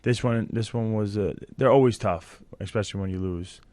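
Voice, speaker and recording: A man's voice: on the low side, a little fast, a little mellow, no room sound. A man in his thirties, a fighter guest in a casual interview chat, choked up and emotional. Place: studio.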